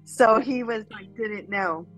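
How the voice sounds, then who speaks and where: A woman telling a traditional story in a casual, animated way, full of fillers. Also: a little high, slow, soft background music, poor audio. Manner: animated, chatty, many fillers.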